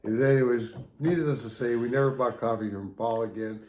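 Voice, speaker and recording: A man's voice: medium pitch, brisk, a little mellow. A man recounting old firehouse stories in an easygoing, dry manner. His voice sits in a roomy space with a noticeable echo. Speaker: retired firefighter co-host. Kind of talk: casual storytelling chat.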